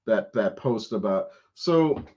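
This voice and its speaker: Man, podcast host, casual stream chat, rambling, profane, laughs often, lowish voice, muffled lo-fi audio. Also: lively intonation, slow, darkish tone. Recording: dull lo-fi audio.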